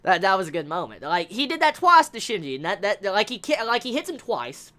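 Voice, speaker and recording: A young man excitedly reviewing an anime episode in casual talk, swearing often and stumbling over repeated words. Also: high-pitched, fairly quick.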